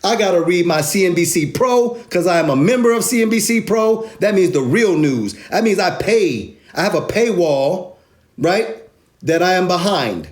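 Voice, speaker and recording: A man's voice: high-pitched, moderate pace. A man hosting a crypto video, giving emphatic, slangy market commentary. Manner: animated, emphatic, streetwise slang.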